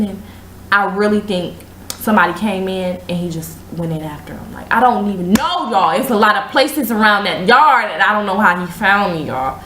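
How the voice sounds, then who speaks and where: A woman hosting a casual chat show, telling a long story with slang and acting out the other people's lines in a higher voice. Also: brisk, roomy sound, a little hiss or hum, rough recording. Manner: animated, slangy, acts out quotes in a higher voice. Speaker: show host.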